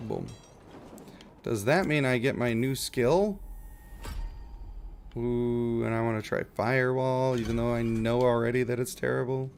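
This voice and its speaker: A man's voice: mid-range voice, unhurried, vocal fry, long pauses, a little hiss or hum. A man streaming a game, chatting casually and rambling in a wry, self-mocking way while reading chat.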